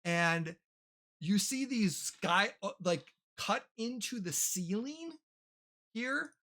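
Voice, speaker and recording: A man's voice: high voice, animated, slow, pushed and bright. A man running a tabletop game as game master, describing rooms and asking players for checks. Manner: describes scenes, asks for rolls.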